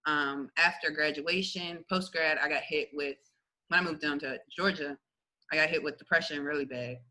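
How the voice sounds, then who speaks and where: Young woman guest, lively chatty testimony, super bright forceful voice. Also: low voice, moderate pace, rough recording. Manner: lively, chatty, laughs often, many fillers. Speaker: guest sharing her testimony. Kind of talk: casual faith testimony interview.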